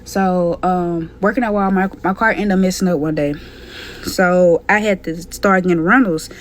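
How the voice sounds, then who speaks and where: A woman's voice: lowish voice, fairly even intonation, normal speed, slight background noise. A young adult woman telling a personal story in a blunt, profane, candid way. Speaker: storytime vlogger. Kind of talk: casual storytelling.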